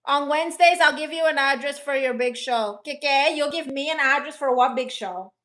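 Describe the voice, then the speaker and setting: A high-pitched woman hosts a casual live chat and answers viewer comments in a blunt, sassy way. Her tone is bright and sharp, and she sprinkles Spanish exclamations into her talk. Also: moderate pace. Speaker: livestream host reading viewer comments. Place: rented apartment indoors.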